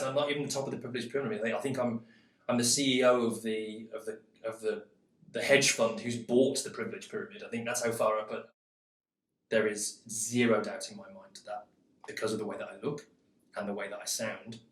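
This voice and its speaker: An English man speaking candidly in an interview, self-deprecating and prone to halting restarts. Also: on the low side, a bit bright. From England. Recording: roomy, from a distance.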